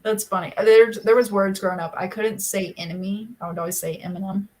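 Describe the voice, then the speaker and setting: A woman's voice: mid-range voice, fairly even intonation, brisk, a little mellow, rough recording. A woman co-hosting a casual live writing stream from home. She chats freely, laughs often and breaks off to scold her dogs. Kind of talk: casual chat.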